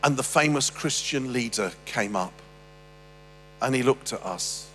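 A man's voice: medium pitch, animated, a little slow, pushed and bright, in a large hall, a little hiss or hum. A man telling a humorous personal story on stage, rambling and self-deprecating with stammered restarts. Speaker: speaker.

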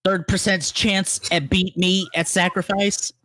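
A man co-hosting a casual podcast, talking in halting bursts, often stumbling over words and laughing. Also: high-pitched, little pitch movement, sharp tone, no room sound, studio quality. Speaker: podcast co-host. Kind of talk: casual chat.

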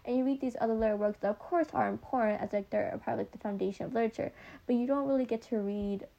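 A young woman hosts a casual book podcast, speaking very fast in a fairly high voice with vocal fry, and the audio is dull. Her retainers give her a slight lisp, and she's chatty, full of ums and likes.

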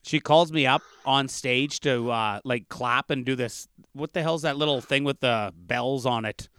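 A man spins a rambling comic story in casual podcast chat. His voice is bright and crisply clear, and the sound is dry and close with no room echo. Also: medium pitch, unhurried. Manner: rambling, animated storytelling with restarts. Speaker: comedian guest.

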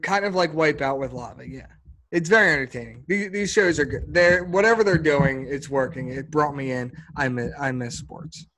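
A man co-hosting a casual sports podcast, talking in an animated, rambling way and laughing often. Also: a little high, moderate pace. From Philadelphia area. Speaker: podcast co-host.

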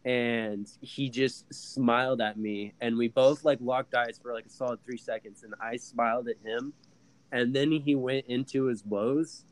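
A man co-hosts a casual podcast conversation, telling stories in an animated way and filling his speech with lots of fillers. His voice is mid-range, and the audio quality is poor.

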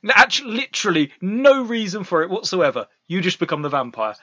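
A man with a fairly high voice, laughing often and playing along with his friend's jokes in casual comedy banter. The sound is dry and close, with a dull, lo-fi tone. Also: very animated, brisk, bright, forceful tone, no echo. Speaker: podcast co-host.

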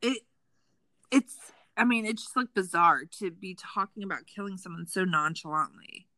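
A woman's voice: medium pitch, moderate pace, dry recording, rough recording. A woman hosting a casual true crime podcast, sarcastic and swearing freely. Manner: animated, sarcastic, swears a lot. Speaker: podcast host.

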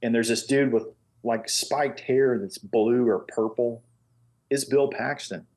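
A man's voice: medium pitch, measured pace, slightly rough. A middle-aged man in casual conversation, telling long stories loosely with many fillers. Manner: relaxed anecdotes with many fillers. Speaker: guest, engraver. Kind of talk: casual chat, storytelling.

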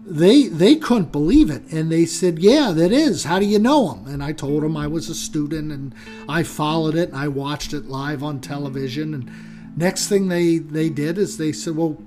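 An American man, middle-aged, hosting a show and chatting his way through a travel story with lots of fillers. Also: fairly high pitch. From United States. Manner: animated, chatty, many fillers. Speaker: podcast host.

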